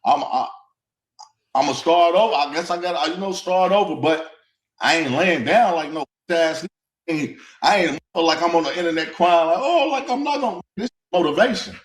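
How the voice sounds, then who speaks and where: A man in his thirties talks bluntly and defiantly, streetwise and unbowed, in a slightly high voice. The room around him echoes. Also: moderate pace. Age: 30s. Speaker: interviewee. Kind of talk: casual interview talk.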